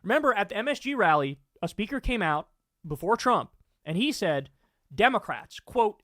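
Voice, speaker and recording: A man's voice: high-pitched, big pitch swings, fast talker, a bit bright, no room sound, studio quality. A man hosting political commentary, ranting angrily with lots of swearing. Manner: angry, profane ranting.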